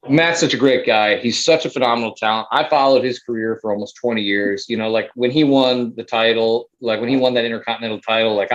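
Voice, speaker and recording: Excited guy, theater producer, chatty, says like and man a lot, muffled lo-fi sound. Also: mid-range voice. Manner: enthusiastic, casual, full of "like" and "man". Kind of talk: casual interview.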